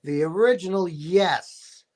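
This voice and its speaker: A man's voice: high voice, slow pace, a little mellow. Enthusiastic man telling a story. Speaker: guest. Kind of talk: casual chat.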